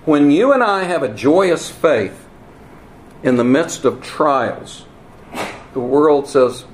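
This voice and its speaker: A man preaching a teaching sermon, earnest and emphatic, with wry asides and halting repeats. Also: fairly high pitch, lively intonation, slight background noise. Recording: roomy echo, faint ambience.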